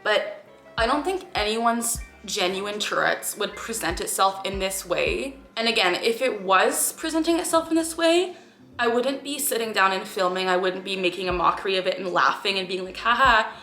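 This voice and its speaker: Bright-voiced young woman, frustrated. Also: medium pitch, normal speed. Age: young adult. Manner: earnest, frustrated, with sighing groans. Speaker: YouTuber reacting to a clip. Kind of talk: casual reaction commentary. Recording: echoey room with faint music.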